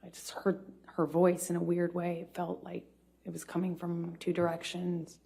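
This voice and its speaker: A woman testifying as a witness in court, speaking haltingly with frequent pauses and restarts. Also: fairly low pitch, completely flat delivery, vocal fry, mellow, husky.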